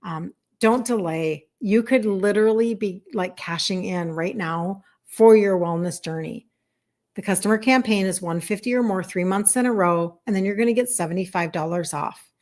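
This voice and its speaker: A woman's voice: medium pitch, normal speed, a little mellow. A woman in her fifties, a health coach, chatting casually on a live stream, reading out viewer comments and encouraging them with many fillers. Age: 50s.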